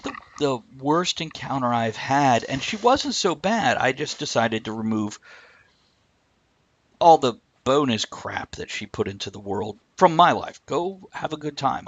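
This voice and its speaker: A man's voice: mid-range voice, expressive, a little slow, no echo, dull audio. A man co-hosting a live stream, rambling casually and breaking off mid-thought. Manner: rambling, self-interrupting, reads chat aloud. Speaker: livestream co-host.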